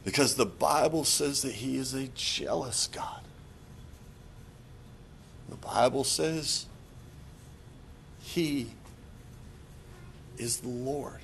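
A man's voice: medium pitch, very slow, vocal fry, pauses often, fairly bright tone, slight background noise. A man giving a sermon in an earnest, confessional way, often stopping and restarting his phrases. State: choked up. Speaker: preacher.

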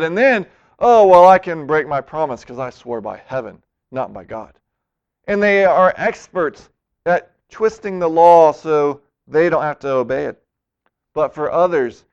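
A man's voice: fairly high pitch, clean tone. A man preaching a sermon as a pastor, earnest, acting out the voices he quotes. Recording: dull lo-fi recording.

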